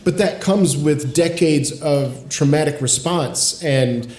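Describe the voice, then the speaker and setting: A man's voice: on the high side, slow, darkish tone, reverberant, slight background noise. A man in his forties, co-hosting a casual podcast, talking earnestly and reflectively with casual swearing. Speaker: podcast co-host. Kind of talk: casual chat.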